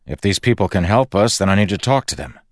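A self-assured, wry hero who talks briskly and plainly, with a dry edge to his words, as a male audiobook narrator voices him. His speech has a lively lilt, and the sound is close and dry. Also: low-pitched, no echo, voice pushed up. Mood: curious. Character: confident, wry male hero, restless and determined.

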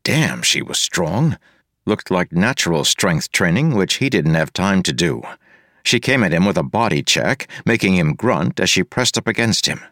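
A man with a very low voice narrates an action story, brisk and lively in his delivery. The sound is dry and close, with no room around it. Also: dry recording. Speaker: audiobook narrator. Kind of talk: scripted narration.

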